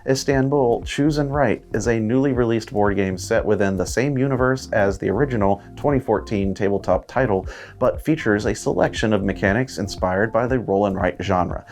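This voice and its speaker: A man hosting a board game news roundup, reading a steady script. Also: fairly low pitch, normal speed. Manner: steady read-aloud delivery. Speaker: host.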